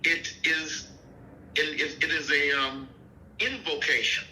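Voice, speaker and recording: A man's voice: on the high side, takes it slowly, bright, forceful tone, poor audio. A man teaching scripture in an informal, emphatic way, often checking in with "okay?" and "you see?".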